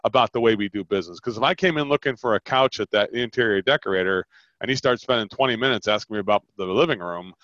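Fast-talking man coaching over a dull call. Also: fairly low pitch, no echo. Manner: animated, fast-talking, acts out customer lines. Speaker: sales coach. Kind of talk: podcast coaching, role-playing sales talks.

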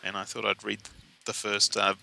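Aussie guy with a gravelly low-ish voice, chatty and wry, going through old comics on a podcast. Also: completely flat delivery, moderate pace, sharp tone, rough recording. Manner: chatty, recaps plots with wry asides. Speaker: podcast co-host. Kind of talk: casual comic book discussion.

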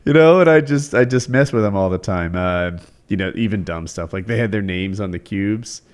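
A man's voice: lowish voice, normal speed. Joking male co-host. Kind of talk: casual chat.

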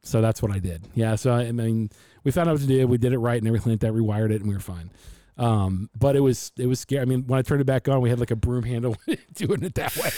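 A man on a podcast, casually telling animated stories and acting out his father's voice. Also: mid-range voice, quick pace, no echo, clean studio sound. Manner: animated storyteller who acts out his dad's voice. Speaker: podcast host. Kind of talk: casual storytelling chat.

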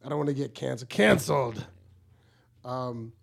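A man's voice: medium pitch, expressive, fast, a little mellow. A man hosting a podcast, chatting casually and teasing his guest with joking, prodding questions. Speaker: podcast host. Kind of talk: casual interview chat.

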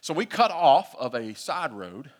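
A man with a Southern US accent, a pastor telling a humorous, animated story during a sermon. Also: a little high, measured pace. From United States. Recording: long reverb from a hall.

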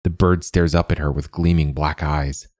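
A man reading an audiobook in a measured, even storytelling manner. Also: a bass voice, dry recording, clean studio sound. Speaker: narrator. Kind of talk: audiobook narration.

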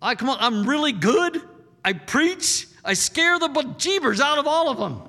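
A man's voice: very animated, moderate pace, pushed and bright, full character voice. A man doing a whiny, indignant prophet. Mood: boastful. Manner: high indignant complaining. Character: sulking angry male prophet, whiny. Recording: long hall reverb.

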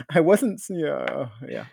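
A young man, a podcast guest, telling crude, animated stories in casual chat, swearing and stumbling over fillers. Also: fairly high pitch, creaky, husky, no echo, studio quality.

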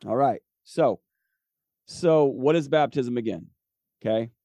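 A man's voice: medium pitch, slow, creaky, warm tone, no echo. A man hosting a podcast, teaching from the Bible in a conversational way, often checking in with "okay?" and reading scripture aloud. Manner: reads scripture aloud, correcting himself. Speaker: podcast host and preacher.

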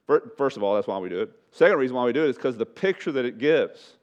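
Guy preaching a sermon, mid pitch, gets loud then goes soft, keeps asking the room questions, kinda dull recording. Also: expressive, quick pace. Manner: swings from loud emphatic preaching to hushed pleading; asks the congregation rhetorical questions. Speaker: pastor.

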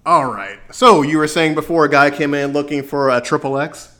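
Bright-voiced male podcast host. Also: a little high, normal speed. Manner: relaxed, rambling descriptive talk. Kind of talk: casual chat.

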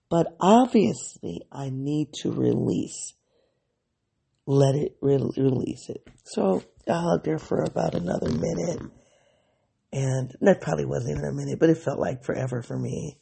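Gravelly, husky podcast host thinking aloud. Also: mid-range voice, a little slow, warm tone. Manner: candid, thinking aloud, self-analyzing. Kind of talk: reflective solo diary podcast.

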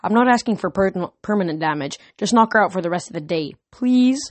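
A woman's voice: mid-range voice, lively intonation, fairly quick, dry recording, close to an everyday voice. A woman reading the part of a hurt, angry teenage girl who pleads emotionally, recorded dry and close. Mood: pleading. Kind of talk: audiobook character reading.

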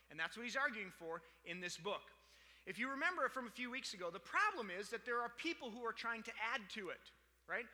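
A man's voice: high-pitched, sharp tone. A man preaching a conversational sermon, telling stories with lots of filler words. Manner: storytelling, chatty with many fillers. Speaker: pastor. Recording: long hall reverb.

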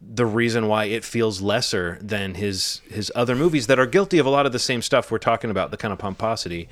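A man co-hosting a casual film review chat, opinionated and animated, quick with a joke. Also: lowish voice, no echo. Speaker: film podcast co-host.

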